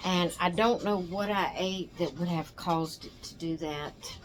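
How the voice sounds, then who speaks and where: A woman's voice: fairly low pitch, a little slow. An older woman who hosts a doll channel, chatting casually to camera in a rambling, tired way, yawning as she talks. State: exhausted.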